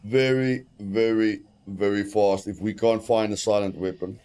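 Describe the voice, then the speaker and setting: A man's voice: lowish voice, fairly even intonation, unhurried, warm tone, smooth. British man streaming a game. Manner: repeats phrases to himself, chatty with chat. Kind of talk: live gameplay commentary.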